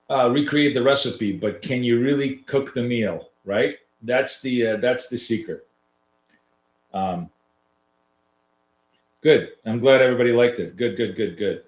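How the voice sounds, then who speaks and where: A man acting as a coach gives loose, chatty live trading commentary to viewers, with lots of fillers and restarts. His nasal, medium-pitched voice is unhurried and pauses often, and the recording has a roomy echo.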